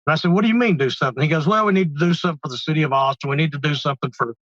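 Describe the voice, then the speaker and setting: An older man on a podcast, telling rambling, folksy stories about his acting days. His voice sits a little high for a man. The line sounds dull and lo-fi, but dry, with no room echo. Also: racing, a bit bright. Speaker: actor guest. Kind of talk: casual interview chat.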